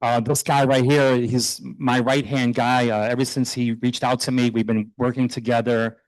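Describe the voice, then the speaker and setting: A middle-aged man, a youth soccer coach, speaking earnestly and proudly while honoring his players at a town meeting, loose and a little halting. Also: mid-range voice, flat delivery, dry recording, low-quality recording. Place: township council meeting room.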